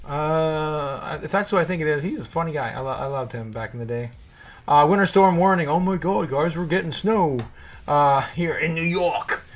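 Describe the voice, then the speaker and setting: A man's voice: fairly high pitch, normal speed. A man hosting a crypto show, talking in a frustrated, rambling rant full of swearing. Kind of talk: casual livestream rant.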